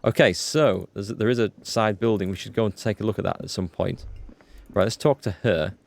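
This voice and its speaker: A man's voice: lowish voice, brisk, vocal fry, dry recording. A man hosting a let's play, reading game text aloud with wry asides. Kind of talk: reading game dialogue and commentary.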